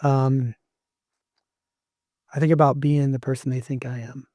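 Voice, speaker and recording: A man's voice: medium pitch, level tone, unhurried, warm tone, dry recording. A middle-aged man, a podcast guest, talking earnestly and emphatically like a motivational speaker. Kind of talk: casual interview talk.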